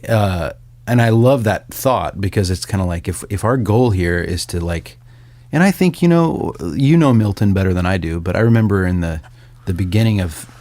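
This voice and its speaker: A man, a songwriter and author, talking casually and thoughtfully, with pauses and easy laughter. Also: low voice, expressive, a little mellow, dry recording. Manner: reflective, hesitant, laughs easily. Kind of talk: casual conversation.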